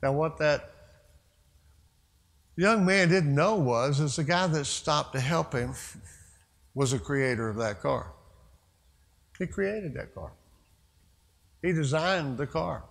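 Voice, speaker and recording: A man's voice: on the high side, lively intonation, takes it slowly, gravelly, long pauses. Conversational preacher man, church reverb. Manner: conversational storytelling with asides. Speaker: pastor. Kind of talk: sermon. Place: church sanctuary.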